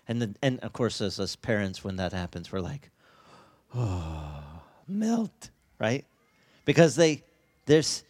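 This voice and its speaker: A man preaching a sermon as a pastor, telling stories in an animated way with his voice leaping up in the lively parts. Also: no room sound. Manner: animated storytelling, voice leaping high in excited passages.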